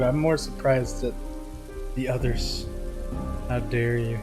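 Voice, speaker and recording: A man at a middle, unremarkable pitch streams a game and talks to his viewers in a loose, teasing way. He jokes with his chat as he plays. Loud game music and the sound of rain run under his voice. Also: fairly even intonation, measured pace, pauses often. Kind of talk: live-streamed gameplay chat.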